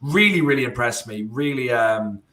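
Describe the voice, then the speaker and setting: Irish man, young adult, casual football stream chat, rambling with fillers, mid-pitched voice. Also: lively intonation, moderate pace, sharp tone. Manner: rambling, many fillers and restarts. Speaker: watchalong co-host.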